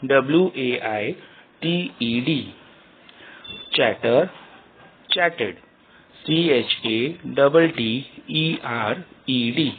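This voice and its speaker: A man's voice: medium pitch, slightly rough. A male teacher giving a grammar lesson to young students, spelling words out letter by letter. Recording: tinny phone-like sound.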